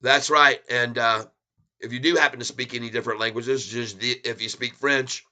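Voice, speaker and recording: Very bright-voiced rambling livestream man. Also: medium pitch, steady tone, moderate pace. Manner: rambling, chatty, thanks viewers by name; tries broken French and Spanish. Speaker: stock market livestream host. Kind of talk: casual livestream chat.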